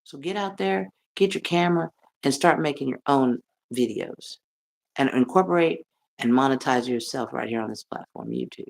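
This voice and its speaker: Gravelly low-voiced brash American woman. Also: sing-song, normal speed. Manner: brash, profane, laughs often, swings loud and soft. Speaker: livestream host. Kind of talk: rambling livestream rant.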